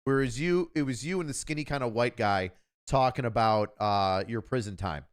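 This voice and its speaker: A man's voice: medium pitch, moderate pace, clean tone. A man, a police officer hosting a stream, talking in a rambling, profane, laughing way. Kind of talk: casual chat.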